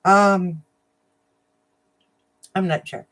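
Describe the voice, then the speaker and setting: A woman's voice: on the low side, measured pace. Chatty, emotional woman livestreaming. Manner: emotional, chatty, laughs often. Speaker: livestream host of a crafting channel. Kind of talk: casual livestream chat with viewers.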